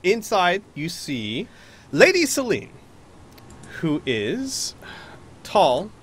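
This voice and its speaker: A man's voice: sits high, huge pitch swings, extremely slow, husky. Man game master narrating a tabletop game. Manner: rambling, with many fillers and restarts.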